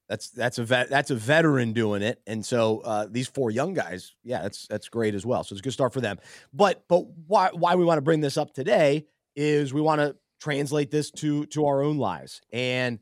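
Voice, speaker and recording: Earnest man co-hosting, a bit high. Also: dry recording, studio quality. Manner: earnest, thoughtful, with frequent restarts. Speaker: podcast co-host. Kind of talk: casual sports chat with a faith angle.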